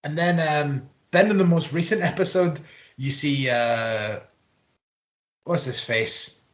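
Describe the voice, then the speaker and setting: A man's voice: fairly high pitch, takes it slowly. Ranting man in an echoey room. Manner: sweary, animated ranting with mocking put-on quotes. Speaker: podcast co-host. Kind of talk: casual chat. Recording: roomy echo.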